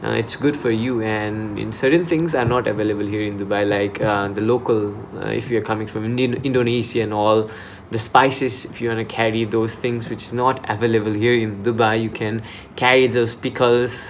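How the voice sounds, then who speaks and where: A man's voice: fairly low pitch, fairly even intonation, normal speed, a little hiss or hum. Chatty young man vlogging. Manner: chatty and informal, with frequent restarts. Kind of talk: casual advice vlog. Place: in Dubai.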